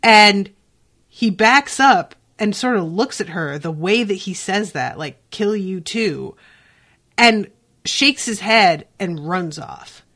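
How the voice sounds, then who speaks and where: Give me a woman podcast host recapping a show in loose, animated, profane chat. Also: medium pitch, takes it slowly. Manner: animated, swears freely, lots of "like" fillers. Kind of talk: casual episode recap and reaction.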